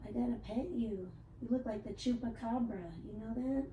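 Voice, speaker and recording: A woman's voice: fairly high pitch, normal speed, narrow, tinny audio. A woman live streamer chatting casually from her home computer room, swearing freely as she talks. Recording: echoey room, mic at a distance, faint hiss.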